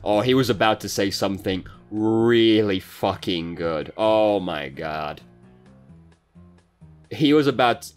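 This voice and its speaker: A man talking through a match review as a gaming coach, casual and frank, swearing freely and venting frustration. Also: low-pitched. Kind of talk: casual gameplay commentary.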